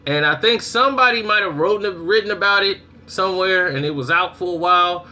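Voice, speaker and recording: Brief: young adult male vlogger, casual commentary, animated delivery, bright and slightly high voice. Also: fairly quick. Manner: animated storytelling, acts out reactions.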